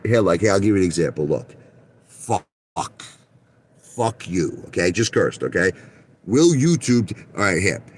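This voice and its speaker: A man's voice: on the low side, a little hiss or hum. A middle-aged man talking to his viewers from his parked car in a casual, profane monologue full of restarts and tangents. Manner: blunt, profane storyteller with many restarts. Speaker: vlogger.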